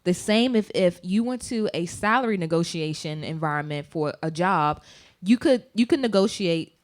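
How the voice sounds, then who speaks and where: Woman podcast co-host, somewhat low voice, emphatic anecdote-driven talker. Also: lively intonation, normal speed. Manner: emphatic, gives advice in anecdotes; mimics voices when quoting people. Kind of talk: casual podcast chat.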